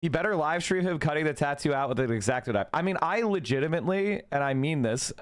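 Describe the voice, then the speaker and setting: A man's voice: fairly high pitch, lively intonation, fast talker. A man streaming a heated political rant, profane and exasperated, firing off rhetorical questions.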